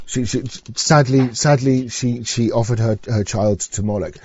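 A podcast host with a medium-pitched, darkish, husky voice speaks at a moderate pace with fairly even intonation. He rambles and swears on his casual talk show, often restarting sentences and sometimes reading text aloud. The recording is dull, dry, and lo-fi.

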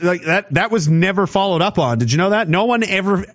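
A man's voice: high-pitched, lively intonation, brisk, hardly any pauses. A man in a heated, profane, sarcastic political rant. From Canada. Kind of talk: angry political rant to camera. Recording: dull lo-fi audio.

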